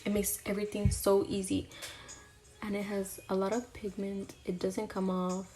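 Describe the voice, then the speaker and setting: A woman's voice: medium pitch, flat delivery, moderate pace, warm tone, faint music behind. A young woman chatting casually while she does her makeup on camera, talking herself through each step. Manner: chatty, self-deprecating, talks to herself mid-task. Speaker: beauty vlogger. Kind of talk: casual get-ready-with-me chat while doing makeup.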